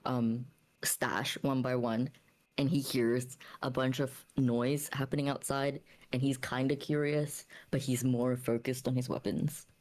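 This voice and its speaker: A man's voice: mid-range voice, level tone, unhurried, a little mellow. Easygoing man narrating his character. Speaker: player. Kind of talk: casual role-play narration.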